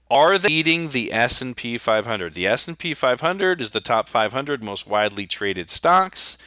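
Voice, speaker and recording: Fired-up man ranting bluntly, bright voice. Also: medium pitch, dry recording, studio quality. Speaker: podcast host and retirement planner. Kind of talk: solo podcast monologue.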